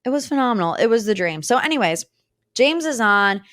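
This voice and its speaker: A woman's voice: fairly high pitch, a little fast, no room sound. Chatty woman telling stories, dry close mic. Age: 30s. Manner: chatty, dramatic, animated storytelling. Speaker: podcast host. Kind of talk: casual solo chat. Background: faint weed whacker outside.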